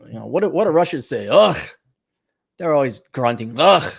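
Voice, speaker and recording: A man from the Milwaukee area ranting in a casual vlog, blunt and sarcastic, with quick asides. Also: medium pitch, expressive, gravelly, darkish tone, slightly rough. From Milwaukee area, USA. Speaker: vlogger.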